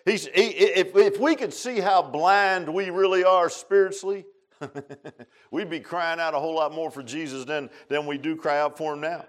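A man preaching a sermon in a folksy way, swinging between quiet asides and loud exhortation. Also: on the high side, moderate pace. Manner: repeats "I'm gonna tell you what" and "man", asks "huh?".

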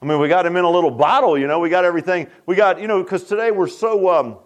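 A man's voice: sits high, fast talker. A man preaching a sermon as pastor, folksy and emphatic, repeating himself and laughing at his own jokes.

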